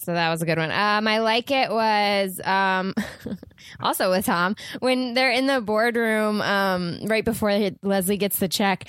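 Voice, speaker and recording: Female podcast co-host, easygoing chat, mid-range pitch, dry recording. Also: a little slow, clean tone, dry recording. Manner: relaxed, with frequent "um"s. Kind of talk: casual chat.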